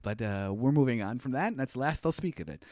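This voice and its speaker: A man's voice: mid-range voice, animated, fast talker, a little mellow, no echo. A man casually recapping a movie on a podcast, joking, acting out lines in mock quotes and laughing often. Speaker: podcast co-host.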